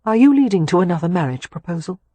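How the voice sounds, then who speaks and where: A man's voice: high-pitched, very animated, fast talker, warm tone, dry recording. A man voicing a reserved, guarded young woman in an audiobook romance, answering hesitantly. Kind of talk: audiobook character dialogue.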